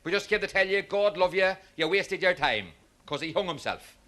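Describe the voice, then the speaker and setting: A man doing a deadpan policeman. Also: sits high, moderate pace, noisy background, pitched above the performer's own voice. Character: deadpan policeman delivering bad news.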